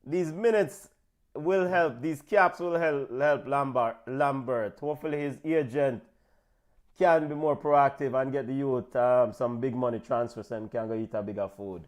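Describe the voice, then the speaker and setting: A man with a Jamaican accent hosting a casual football watch-along, excitable and quick to shout out names and give big-ups. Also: mid-range voice. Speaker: football show host.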